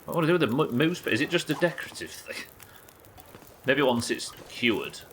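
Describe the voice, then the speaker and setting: A man's voice: mid-range voice, big pitch swings, normal speed, a bit bright, a little hiss or hum. A man chatting loosely while streaming a survival game, rambling, swearing and joking at his own expense. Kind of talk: casual gameplay commentary.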